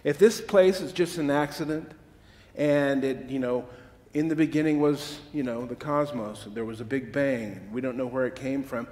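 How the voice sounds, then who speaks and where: A man's voice: medium pitch, moderate pace, darkish tone. A man preaching a sermon, emphatic, repeating words and tossing asides to his listeners. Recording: long hall reverb.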